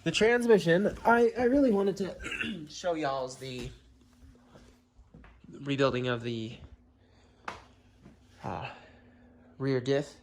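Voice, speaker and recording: A man giving a casual build-update vlog about his car project, rambling and clearing his throat often. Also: a little high, fairly even intonation, slow pace, pauses often, a little hiss or hum.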